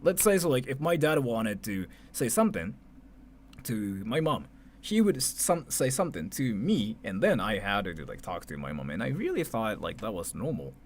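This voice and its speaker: A man's voice: on the low side, normal speed, a little hiss or hum. Japanese guy in his 30s streaming, laughs a lot, swears, voice jumps all over the place. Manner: animated, laughing often, swearing, heavy filler words. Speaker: livestreamer. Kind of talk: casual livestream chat.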